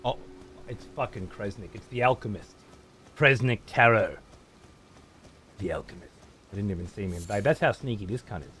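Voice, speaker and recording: A man's voice: on the low side, lively intonation, normal speed, pauses often, a bit bright, a little hiss or hum. An Australian man streaming a game live, ranting and swearing heavily while he talks to his chat. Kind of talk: live gameplay commentary.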